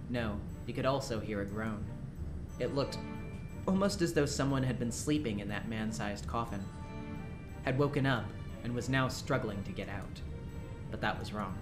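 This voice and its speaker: A reader narrating a visual novel aloud on a live stream, steady and unhurried with small slips. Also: medium pitch, faint music behind. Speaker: story reader.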